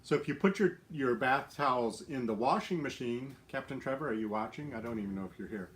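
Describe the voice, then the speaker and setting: A man's voice: mid-range voice, animated, fairly quick, a bit bright. A middle-aged man hosting a casual live stream from his home, chatty and upbeat, laughing often and using plenty of fillers. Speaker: lifestyle livestream host.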